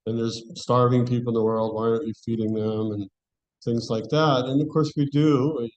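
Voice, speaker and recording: A man's voice: mid-range voice, fairly even intonation, normal speed, a little mellow, rough recording. A man giving a scripture class to an audience, talking in a conversational way and often restarting his phrases. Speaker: class speaker.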